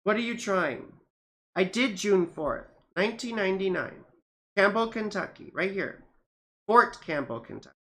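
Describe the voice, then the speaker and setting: A woman astrologer chatting casually on a livestream, rambling with many fillers and grumbling at her software. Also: medium pitch, animated, normal speed. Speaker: astrologer reading charts on a livestream.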